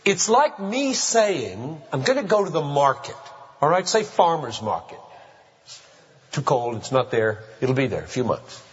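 A pastor delivers an emphatic sermon in a high, animated voice, slowing down to stress key phrases. His voice swells through a church sanctuary with a long reverb, and the recording sounds a little dull. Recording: muffled hall reverb.

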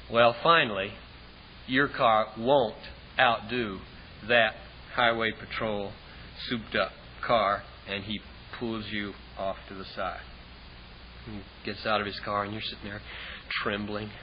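A male preacher telling a story from the pulpit, swinging between big emphatic peaks and hushed low asides. The recording is dull and lo-fi, with a faint hiss underneath. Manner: storytelling with vivid scenes, dropping low and quiet for dialogue. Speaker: pastor. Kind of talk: sermon.

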